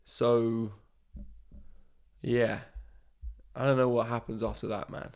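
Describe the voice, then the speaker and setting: A comedy podcast host rambles through a sarcastic monologue in a gravelly, mid-range voice with a level, somewhat dark tone. He talks slowly and loosely, drifting into frequent asides that trail off.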